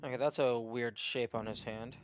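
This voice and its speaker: A man's voice: medium pitch, steady tone, moderate pace, soft background music. A man streaming a mystery puzzle game, thinking aloud in casual muttered commentary with the odd swear. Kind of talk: let's play commentary.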